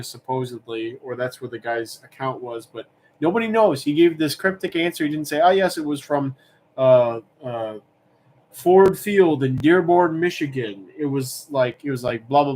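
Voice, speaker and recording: A man's voice: mid-range voice, slight background noise. A young man hosting a livestream auction, chatting casually and rambling as he reads comments aloud.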